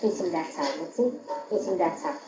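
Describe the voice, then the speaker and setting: An older woman giving an informal spiritual talk in a public hall, often laughing and speaking in an animated, instructive way. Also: on the low side, moderate pace, over music. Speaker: spiritual teacher. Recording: echoey hall, faint background hiss.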